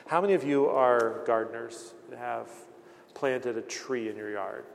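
A man's voice: mid-range voice, measured pace, gravelly, darkish tone. A man preaching a sermon as pastor, earnest, acting out the voices he quotes and often restarting his words. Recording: long hall reverb.

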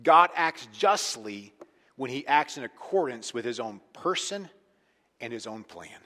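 A man preaching a sermon as pastor, talking conversationally and with emphasis, swinging between loud points and hushed asides. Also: medium pitch, sing-song, measured pace. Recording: long hall reverb.

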